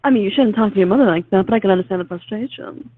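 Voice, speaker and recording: A man's voice: sits high, rapid-fire, dry recording, pitched below the performer's own voice. A man voicing a syrupy, motherly female radio hostess who coos and fusses over callers. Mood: cooing. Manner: cooing, fussing, overly sweet. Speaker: comic call-in host character. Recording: tinny phone-like line with loud hiss.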